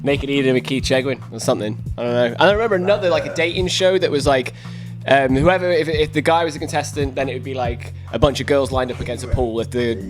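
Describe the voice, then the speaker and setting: A man's voice: medium pitch, over music. A young man rambling through jokes in casual podcast banter. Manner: rapid, rambling, joking. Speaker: co-host.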